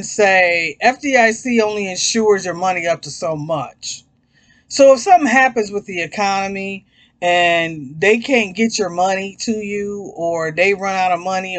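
A man's voice: sits high, a bit bright, no echo. A man hosting his own podcast, talking in a rambling, casual way, swearing freely and addressing listeners as y'all. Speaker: podcast host. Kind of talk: casual chat.

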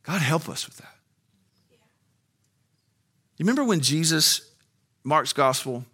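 A man's voice: medium pitch, pushed and bright. A man preaching a sermon, moving from a conversational tone to fiery, soaring emphasis. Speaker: pastor.

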